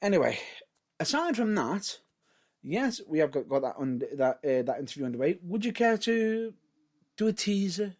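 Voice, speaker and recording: A man's voice: high voice, very animated, moderate pace, a little mellow. A man co-hosting a podcast in casual chat, rambling and giggly, often breaking off mid-sentence. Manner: rambling, giggly, self-interrupting. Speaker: podcast co-host.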